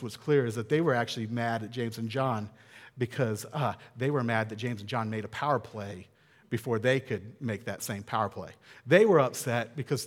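A man preaching a sermon in a casual, animated way, acting out the quotes he tells. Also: mid-range voice, big-room sound. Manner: conversational, animated, acts out quotes. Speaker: pastor.

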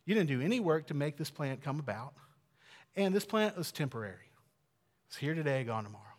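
A man preaching a sermon in an earnest way, dropping to hushed tones and then building to emphatic peaks. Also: on the high side, very animated, fairly quick. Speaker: pastor. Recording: long hall reverb.

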